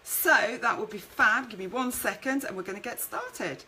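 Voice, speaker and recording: A chatty woman hosting a live stream, her voice bright and forward. She talks casually, reads out comments from viewers and tells stories from her own working life, with a faint hiss of noise behind her. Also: fairly high pitch, normal speed, low-quality recording. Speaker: networking show host and speaker.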